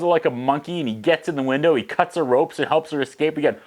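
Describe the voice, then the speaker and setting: A man hosting a casual movie recap, making sarcastic, joking asides and slipping into quick voices for the characters. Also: fairly high pitch, a little mellow. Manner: casual, profane. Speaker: host.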